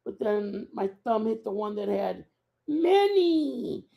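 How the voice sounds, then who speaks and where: A woman's voice: a little high, sing-song, slow pace, creaky, phone-quality sound. A woman hosting a casual live stream, rambling and chatting with her viewers and answering their messages by name.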